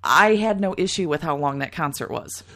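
A woman's voice: low voice, animated, moderate pace, fairly bright tone, no room sound. Chatty, laughing woman, dry close mic. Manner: chatty, laughs often, swears casually. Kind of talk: casual chat.

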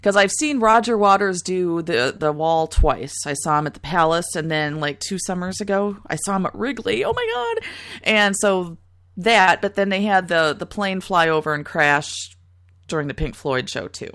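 A woman co-hosting a casual chat, talkative and quick to laugh, swearing now and then. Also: lowish voice, animated, fairly bright tone, no room sound, clean studio sound.

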